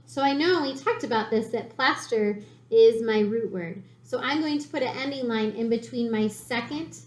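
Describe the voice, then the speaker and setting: A woman's voice: on the high side, a little mellow. A woman teaching a third grade reading lesson, patiently sounding words out syllable by syllable. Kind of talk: slow spelling lesson for children. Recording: echoey room.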